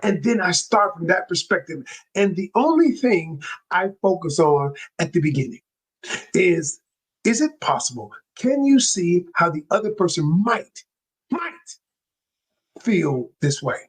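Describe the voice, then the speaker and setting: A man talking as a relationship coach in an interview, animated and excitable, with a casual way of speaking and frequent restarts. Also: high voice, unhurried, husky. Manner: colloquial, with many restarts. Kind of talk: interview guest.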